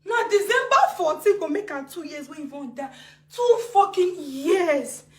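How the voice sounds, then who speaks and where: Agitated Nigerian woman, high echoey voice. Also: expressive, measured pace, a little hiss or hum. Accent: Nigerian Pidgin. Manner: agitated, swings between laughing, crying and shouting. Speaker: live video speaker. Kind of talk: emotional live-video rant.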